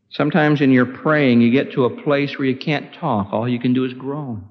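A man preaching a sermon with impassioned, pleading delivery, his voice climbing high in prayer. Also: steady tone, moderate pace, hardly any pauses. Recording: dull lo-fi recording with long hall reverb.

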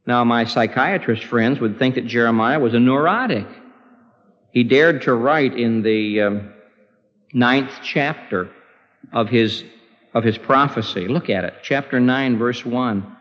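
A man preaching a sermon with impassioned, pleading delivery, his voice climbing high in prayer. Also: a little slow, a bit bright. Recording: dull lo-fi recording with long hall reverb.

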